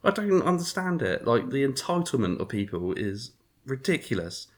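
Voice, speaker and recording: A man's voice: medium pitch, sing-song, moderate pace, echoey room. A man co-hosting a podcast, ranting in casual, sweary chat. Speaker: podcast co-host.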